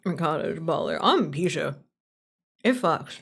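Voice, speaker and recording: A woman's voice: low voice, animated, a little slow, creaky, fairly bright tone, breathy edge. A woman streaming live, chatting casually in a blunt, opinionated, heavily profane way while answering her chat. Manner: playful, answering chat as she talks.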